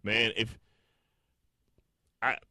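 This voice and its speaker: A man chatting casually as a podcast co-host, telling crude, animated stories. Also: fairly low pitch, extremely slow, no echo. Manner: crude, storytelling, acts out quotes loudly. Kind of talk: casual chat.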